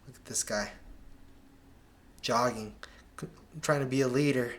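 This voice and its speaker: A soccer analyst talks over match footage in a casual video breakdown, critiquing players with exasperated asides and slang. His voice is medium in pitch and unhurried.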